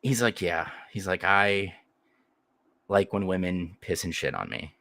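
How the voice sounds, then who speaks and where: A man's voice: sits low, a little slow, vocal fry, sharp tone, no echo. A man telling a crude, rambling story in casual chat as a podcast co-host.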